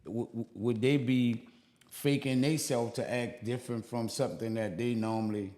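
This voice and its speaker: A man's voice: medium pitch, fairly even intonation, normal speed, dark tone. A man with a New Orleans accent, co-hosting a podcast and musing in casual chat, full of fillers and restarts. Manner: reflective, rambling with many fillers. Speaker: podcast co-host.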